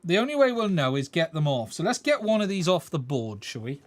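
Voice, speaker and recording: Sing-song and fairly high, this man's voice moves quickly, with no room sound. While fixing a radio controller live at his workbench, he thinks out loud and talks to his audience, using a desk mic and changing mics partway through the stream.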